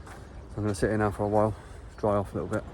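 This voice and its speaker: A man vlogging casually outdoors at the beach, chatting in a relaxed way and swearing freely as he talks to a handheld phone. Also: lowish voice, rapid-fire, a little hiss or hum. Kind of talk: casual vlog narration.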